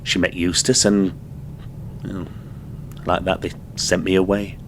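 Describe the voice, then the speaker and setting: Man playing a deep low-voiced son, slow and halting, faint background hum. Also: little pitch movement. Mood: subdued. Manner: halting, subdued, reflective. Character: weary grown son of abused mother.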